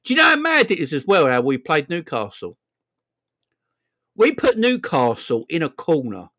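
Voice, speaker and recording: A young man from England hosting a fan live stream, animated and laughing, with lots of slang and repetition. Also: on the high side, normal speed. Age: young adult. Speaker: fan channel host. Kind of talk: casual live-stream chat.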